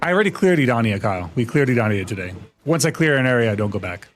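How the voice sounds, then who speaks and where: A young man live-streaming a game, talking to his chat in an excitable, laughing, apologetic way. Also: mid-range voice, rapid-fire, faint music behind.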